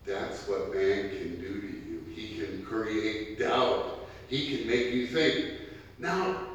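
A man delivers a sermon in an emphatic, repetitive style, his lines building with rising force. He speaks slowly, and his voice rings out in a large hall with a long reverb, picked up from far away. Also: fairly low pitch, fairly even intonation. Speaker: preacher.

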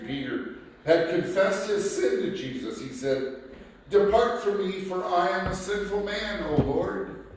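A man preaching a sermon, reading scripture passages aloud and explaining them in a slow, deliberate way. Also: a little high, fairly bright tone, a little hiss or hum. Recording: echoey room picked up from a distance.

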